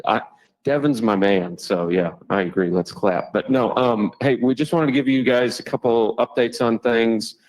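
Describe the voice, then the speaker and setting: A man presenting a fuel update at a company meeting in a relaxed, jokey way. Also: mid-range voice, normal speed, low-quality recording. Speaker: fuel manager. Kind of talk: casual presenting.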